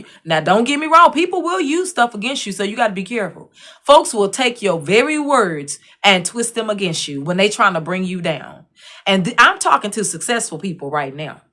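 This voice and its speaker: A woman's voice: mid-range voice, sharp tone. A woman hosting an online show, giving casual opinion commentary with emphatic repetition and frequent check-ins with her listeners. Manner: conversational, repeatedly checks in with the listener; emphatic, repeats phrases for stress.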